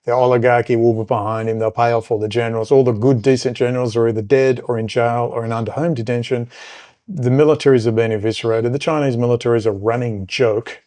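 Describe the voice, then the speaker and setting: A middle-aged man from Australia talks as a podcast host in a loose political monologue. He rambles, with lots of fillers and side stories. His voice is warm, mellow and mid-pitched. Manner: rambling, conversational, many fillers and asides.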